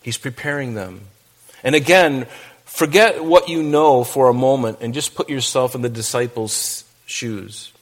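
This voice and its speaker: Male pastor, conversational teaching sermon with quips; slows down for scripture readings. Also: mid-range voice. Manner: conversational, joking asides, reads scripture aloud slowly. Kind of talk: verse-by-verse sermon.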